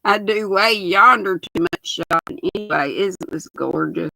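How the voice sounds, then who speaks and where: A raspy-voiced older woman with a Southern drawl hosts a relaxed knitting livestream, chatting with viewers in a folksy way. Her unhurried talk has a gravelly edge, and the sound is dry, close and bright, picked up by a built-in laptop mic. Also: mid-range voice, no echo. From United States. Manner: chatty, folksy, reads viewer comments aloud. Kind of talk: casual livestream chat.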